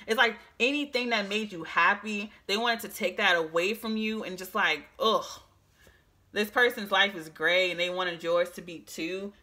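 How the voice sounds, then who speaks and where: A woman reads tarot cards for her viewers in a casual, emphatic way, often restarting her sentences. Her voice is bright and a little hoarse, pitched in a middle range. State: slightly hoarse voice. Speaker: tarot reader. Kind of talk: casual psychic tarot reading.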